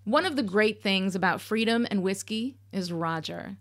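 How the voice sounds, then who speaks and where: A woman's voice: mid-range voice, lively intonation, moderate pace, fairly bright tone, faint music behind. A woman hosting a podcast, giving candid, sarcastic commentary on a TV episode, swearing casually. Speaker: podcast host.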